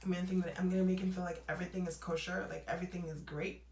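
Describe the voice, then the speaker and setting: A young adult woman vlogging a casual storytime, animated and laughing as she acts out what people said. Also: on the low side, rapid-fire, a little hiss or hum. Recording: roomy echo, away from mic.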